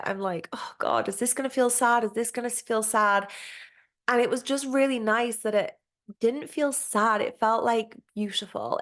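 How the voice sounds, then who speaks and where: A woman hosting her own podcast, chatting through a casual solo monologue with a middle-pitched voice. She gushes openly and swears freely. Her speech is loose and chatty, full of "like" and "um". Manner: candid, gushing and heavy on swearing; chatty with frequent "like" and "um" fillers. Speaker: podcast host.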